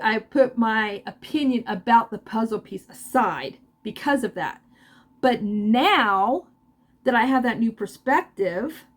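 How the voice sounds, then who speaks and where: Chatty older woman, high voice. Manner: chatty and emotional, with laughs and restarts. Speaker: crochet vlogger. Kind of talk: casual chat.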